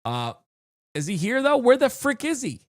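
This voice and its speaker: Excitable game streamer, lively pitch, dry close mic, rambling chat to viewers. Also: normal speed, dry recording. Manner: excitable and chatty, restarts sentences, talks to chat.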